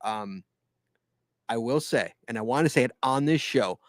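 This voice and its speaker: A man's voice: medium pitch, expressive, normal speed, no echo, studio quality. A man hosting a casual podcast, telling rambling stories with enthusiasm and frequent laughter. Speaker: podcast host.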